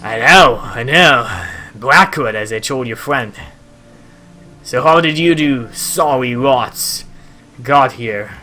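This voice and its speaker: A man voicing a blunt, mercenary ship captain who talks rough and curt. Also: medium pitch, slow, sharp tone. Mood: dismissive. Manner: blunt, rough-spoken, swears. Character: gruff male sailor, curt and mercenary.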